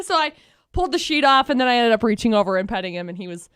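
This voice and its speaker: A young woman with a high, bright-sounding voice tells stories in a casual chat-show style. She is animated and acts out the lines of everyone in her tales. The sound is dry and close, with no room around it. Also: fast, no room sound. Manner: lively storyteller who acts out voices. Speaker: radio show co-host.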